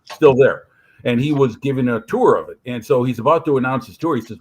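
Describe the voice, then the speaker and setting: A man with a Midwestern American accent chats casually on a live panel. He rambles through his stories at a middling pitch, stopping often to restart a sentence or reach for a filler word. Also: fairly quick, husky, rough recording. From Chicago area, USA. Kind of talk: casual chat.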